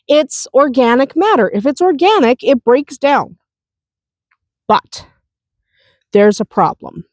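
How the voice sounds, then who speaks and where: Outdoors, a homestead channel host with a cold chews a lozenge while explaining how to compost in a casual how-to talk. She is chatty, laughs, and restarts often, and her voice sits high with no echo.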